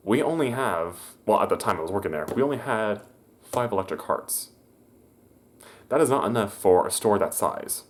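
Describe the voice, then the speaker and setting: A man casually telling a story from his old job, rambling with many fillers and self-corrections. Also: on the low side. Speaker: vlogger. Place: room at home.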